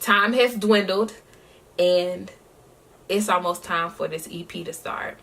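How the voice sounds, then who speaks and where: A woman's voice: lowish voice, slow, creaky, distant mic. Chatty woman, a bit off-mic. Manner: chatty, rambling, full of fillers and shout-outs. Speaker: singer recapping her year. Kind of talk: casual storytelling vlog.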